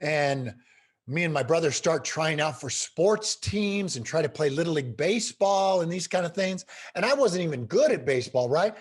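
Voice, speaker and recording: A middle-aged man telling stories as an interview guest, animated and emphatic. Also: fairly high pitch, normal speed, husky. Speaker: guest speaker. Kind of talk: storytelling in a podcast interview.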